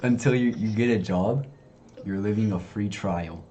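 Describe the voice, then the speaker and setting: A teenage boy hosting a podcast, casual and teasing, getting excited as he talks. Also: on the low side, normal speed, lo-fi sound, a little hiss or hum. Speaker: podcast host. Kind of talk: casual chat.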